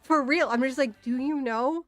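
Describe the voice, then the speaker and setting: Exasperated high-voiced young woman ranting. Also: moderate pace, fairly bright tone, dry recording. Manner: exasperated, swears often, laughs in disbelief. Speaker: streamer. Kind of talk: casual ranting monologue.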